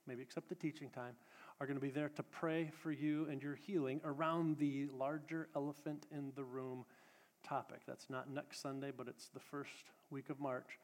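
A pastor delivering a sermon in a church sanctuary, building emphatic repeated phrases and then shifting to casual announcements. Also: male voice, a little high, in a large hall.

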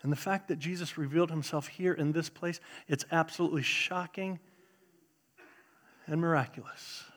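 A middle-aged man, preaching a sermon in an animated way, swinging between loud bursts and hushed asides. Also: on the high side, normal speed. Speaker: pastor.

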